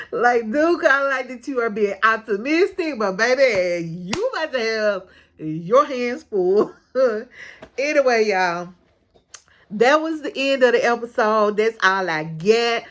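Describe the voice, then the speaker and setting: A woman's voice: fairly high pitch, lively intonation, slow pace, a bit bright. A woman hosting a casual recap of a reality show, frank and chatty, often breaking into laughter.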